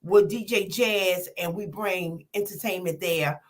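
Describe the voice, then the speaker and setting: An older woman, a comedian guest making lively, emotional thank-yous in casual talk-show chat. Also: fairly low pitch, a little slow. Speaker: comedian and community organizer, guest.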